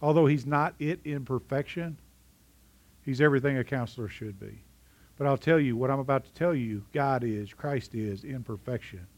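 A man's voice: medium pitch, normal speed, darkish tone. A middle-aged man preaching a sermon in a conversational way, often asking his congregation questions. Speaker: pastor.

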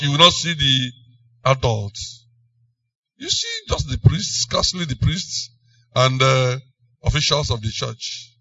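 A man with a Nigerian accent preaching a sermon, emphatic, swinging between loud and soft phrases. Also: mid-range voice, huge pitch swings, a little slow, pauses often, no room sound, distant mic.

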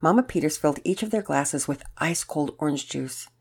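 A woman reading a children's story aloud in an expressive, storytelling way. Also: deep voice, brisk, slightly rough.

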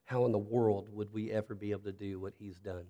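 A man preaching a sermon as pastor, earnest and reflective, dropping to a soft, intimate tone when he speaks directly to listeners. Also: fairly low pitch, fairly even intonation, fast talker.

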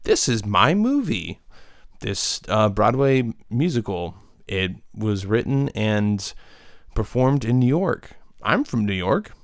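A man's voice: on the low side, sing-song, slow pace, no echo, clean studio sound, heavily acted. A man mimicking a boastful young male sports fan in a mocking, swaggering tone.

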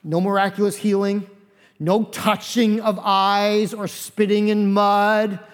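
Man, pastor, sermon, animated storytelling voices, high pitch, long reverb. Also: slow pace. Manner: animated, acts out voices of figures.

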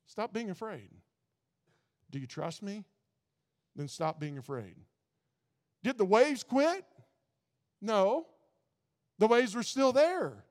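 A man's voice: high voice, long reverb tail. A man preaching a sermon in a folksy, earnest way, often stumbling and repeating words.

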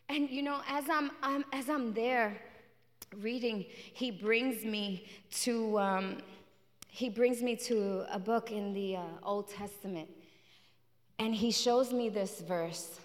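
A woman's voice: a little high, slow pace. A woman preaching a sermon in a church, telling her testimony with passion and repeating her phrases. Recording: reverberant hall.

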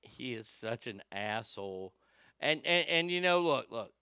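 A man's voice: medium pitch, expressive, measured pace, bright, forceful tone, smooth, no echo. A man hosting a political commentary show, sarcastic and profane, mocking what he plays. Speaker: host.

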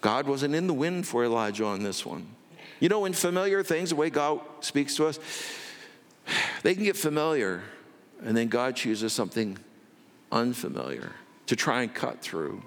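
A man preaching a sermon as pastor, telling the story with drama and dropping from loud to hushed. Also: a little high, long reverb tail.

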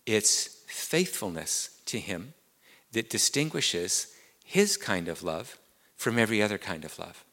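A man's voice: on the low side, animated, measured pace, fairly bright tone, in a large hall. A man with an English accent preaching a sermon as pastor, earnest and repeating key words, climbing to emphatic peaks.

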